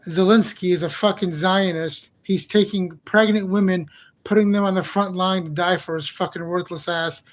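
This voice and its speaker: A man's voice: high voice, fairly even intonation, normal speed. A man ranting in a heated, profane monologue for his own channel, repeating himself in exasperation. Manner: repetitive, exasperated. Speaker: channel host. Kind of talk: angry monologue vlog.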